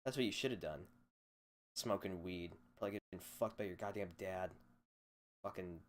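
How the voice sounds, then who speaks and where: Young guy ranting solo on his podcast, kinda low voice, swears a lot, sarcastic and rambly. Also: moderate pace. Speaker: podcast host. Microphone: desk microphone.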